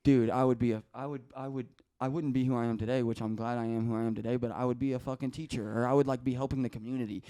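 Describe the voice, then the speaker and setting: A man's voice: mid-range voice, level tone, very fast, few pauses, mellow, clean tone. A man talking as a podcast guest, telling personal stories in a rambling, heartfelt way, swearing a lot and restarting his sentences often. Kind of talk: casual emotional storytelling.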